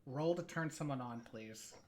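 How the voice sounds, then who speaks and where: Game master, narrates slow with long dramatic pauses, mid-pitched voice. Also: darkish tone. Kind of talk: narrating a tabletop role-playing game.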